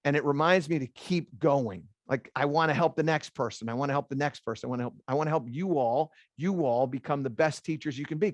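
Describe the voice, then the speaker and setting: A middle-aged man coaching a room of golf teachers, telling stories with lots of energy and doubling back on his words for emphasis. His voice sits a little high for a man. The sound is close and dry. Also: no room sound, dull audio. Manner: animated storyteller, repeats phrases for emphasis. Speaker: golf instructor.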